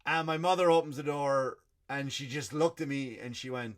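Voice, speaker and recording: Profane, ranting Irish comedian. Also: male voice, a little high, brisk, few pauses, fairly bright tone. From Ireland. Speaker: comedian podcast host. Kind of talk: stand-up style comic rant.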